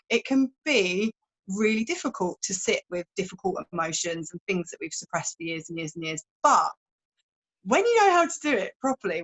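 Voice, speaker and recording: A meditation teacher and wellbeing guest from a fishing village chats frankly about meditation on a casual podcast, tossing in some swearing and playful images. Her medium-pitched voice is a bit bright, but the audio is poor.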